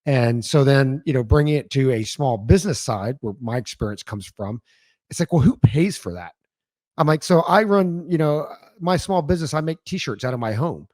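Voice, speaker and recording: A man's voice: mid-range voice, brisk, no room sound. A man co-hosting a podcast, telling stories animatedly and acting out what people said. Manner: animated storyteller who acts out voices. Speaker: podcast co-host. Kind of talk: casual podcast conversation.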